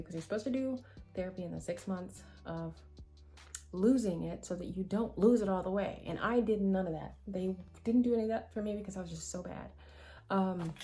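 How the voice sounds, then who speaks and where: Chatty woman vlogging over soft music. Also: medium pitch. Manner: chatty and candid, with rambling asides and self-corrections. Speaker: vlogger answering viewer questions. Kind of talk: casual chat to camera.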